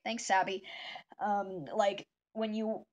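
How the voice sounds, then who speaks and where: A woman's voice: mid-range voice, little pitch movement, slow pace, a little mellow. A woman vlogger chatting casually while she draws. She rambles and uses many fillers. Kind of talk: casual chat while drawing.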